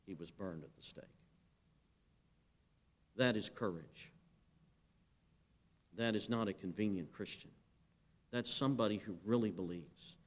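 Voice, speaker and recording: A man preaching a sermon as pastor, emphatic and direct. He asks the congregation to answer him and reads scripture aloud. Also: fairly low pitch.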